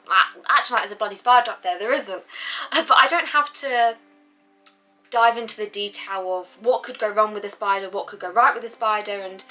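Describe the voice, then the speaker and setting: A woman's voice: mid-range voice, bright, forceful tone. A young woman talking casually to camera about her own life, chatty and full of "like", acting out her own reactions as she goes. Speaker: vlogger. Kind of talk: casual personal talk to camera.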